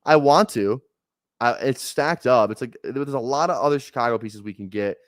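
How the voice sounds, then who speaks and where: Man, casual live-stream chatter, mid-pitched voice, dry close sound, rambling with fillers. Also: normal speed, no room sound. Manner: laid-back rambling with frequent laughs and swearing. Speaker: fantasy football streamer drafting live.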